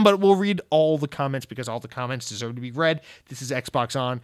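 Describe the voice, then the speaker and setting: A man's voice: mid-range voice, brisk, few pauses, fairly bright tone, smooth, no room sound, clean studio sound. A man hosting a casual gaming podcast, talking in a loose, jokey, profane way with frequent restarts. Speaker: podcast host.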